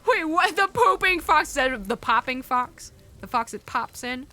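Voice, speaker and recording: A woman's voice: sits high, lively intonation, moderate pace, sharp tone. A woman streaming a video game, chatting casually with her viewers, musing aloud and cooing at the creatures on screen. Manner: chatty, muses aloud and answers chat, coos at game creatures. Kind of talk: casual live-stream commentary. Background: faint game music.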